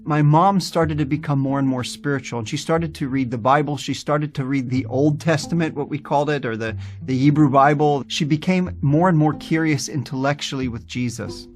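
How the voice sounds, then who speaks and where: A man from the United States telling his personal testimony in an earnest, animated way. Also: fairly high pitch, moderate pace, soft background music. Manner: earnest, animated, acts out quoted voices. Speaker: speaker giving a personal testimony.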